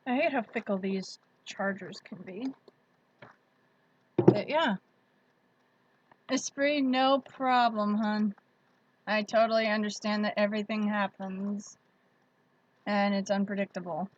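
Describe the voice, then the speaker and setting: A woman's voice: medium pitch, fairly even intonation, slow, long pauses, highs cut off, slight background noise. A woman hosting a casual livestream, chatting in a friendly way and greeting viewers by name. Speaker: livestream host. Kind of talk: casual livestream chat reading viewer comments.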